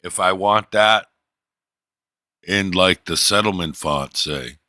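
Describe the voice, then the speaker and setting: A man hosting a livestream, talking casually in a profane, joking way and telling stories with quick impressions of others. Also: low-pitched, bright, forceful tone, dry recording, clean studio sound. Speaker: livestream host. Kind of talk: casual rambling stream chat.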